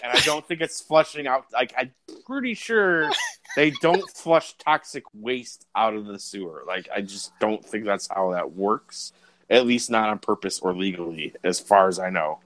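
A man co-hosting a casual movie review podcast, talking in an animated, wry and profane way. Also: lowish voice, moderate pace. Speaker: podcast co-host.

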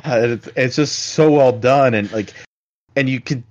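A man chatting casually about a film, halting and meandering, with casual swearing. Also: mid-range voice. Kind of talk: casual movie discussion. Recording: dull lo-fi sound.

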